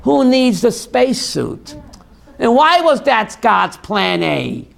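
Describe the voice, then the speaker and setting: Rabbi guy teaching a class, real high voice, slow, quizzes the room as he goes. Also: vocal fry. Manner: call-and-response, asking the class "what?"; animated, drops into quoted voices. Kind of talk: teaching a class on Jewish theology.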